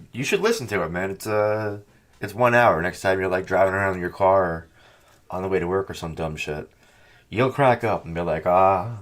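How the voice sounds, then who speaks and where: A man hosting a podcast in casual chat, talking in a profane, animated, mocking way into a headset or phone mic on a call. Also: fairly low pitch. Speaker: podcast host.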